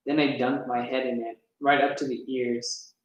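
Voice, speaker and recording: A man's voice: mid-range voice, little pitch movement, moderate pace, dull audio. A man reads a novel aloud in an easygoing first-person voice, stumbling over a word now and then. His voice sits in the middle range, and the room echoes heavily around him. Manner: casual first-person storytelling with some stumbles. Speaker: reader. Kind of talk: audiobook reading of a novel.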